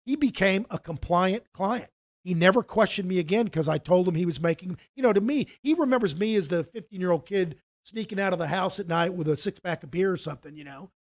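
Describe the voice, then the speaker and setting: A middle-aged man with a notably high voice tells a long story in a relaxed conversation. He rambles and restarts his sentences often, and slips into other voices when he quotes people. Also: fairly quick. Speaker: financial advisor.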